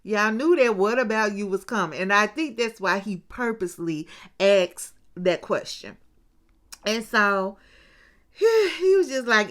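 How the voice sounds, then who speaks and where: A woman in a casual reality TV recap, talking to her viewers like a friend. Her voice sits at an everyday middle pitch. She acts out the cast's lines and keeps checking in with her audience. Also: big pitch swings, unhurried, a bit bright. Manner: chatty storyteller with frequent asides to viewers; acts out what people said.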